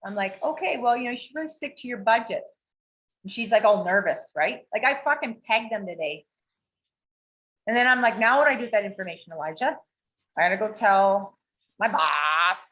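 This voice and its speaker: A woman's voice: mid-range voice, normal speed, long pauses, dull audio. A woman telling a story in casual chat, swearing freely and acting out the quoted lines of the people in it. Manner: profane, animated, acts out quoted dialogue. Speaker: podcast co-host. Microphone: video call.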